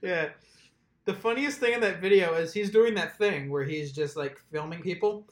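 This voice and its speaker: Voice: medium pitch, moderate pace. A podcast host telling a story in casual chat, laughing often and mimicking the people described. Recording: roomy echo.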